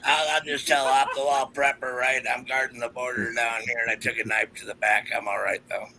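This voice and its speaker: A raspy-voiced middle-aged man chatting casually as a caller, gruff and tagging his lines with "right?". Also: mid-range voice, little pitch movement, brisk, sharp tone, slight background noise, low-quality recording. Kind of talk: casual chat.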